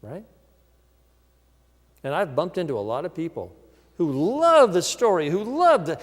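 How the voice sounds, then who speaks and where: A male pastor preaching a sermon, telling the story lively and acting out the people in it. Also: fairly high pitch, measured pace, pauses often, in a large hall. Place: church.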